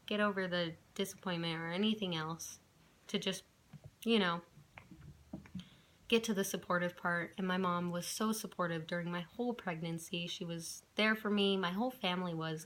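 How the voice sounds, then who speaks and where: A woman's voice: fairly low pitch, fairly bright tone. Chatty young woman vlogging. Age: young adult. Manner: chatty, frequent fillers and restarts. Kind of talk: casual storytelling to camera.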